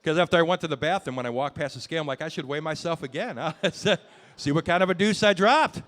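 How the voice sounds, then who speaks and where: A man's voice: a little high, lively intonation, fast talker, fairly bright tone. A man doing a stand-up comedy set on a club stage, brash and self-mocking, swearing through his punchlines.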